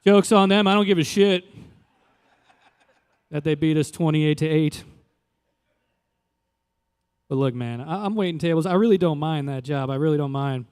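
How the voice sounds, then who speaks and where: A young adult man from Louisiana doing a stand-up comedy set in a loose, conversational way, jumping into animated quoted voices. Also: a little high, moderate pace, long pauses, clear, resonant tone, in a large hall. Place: live comedy venue.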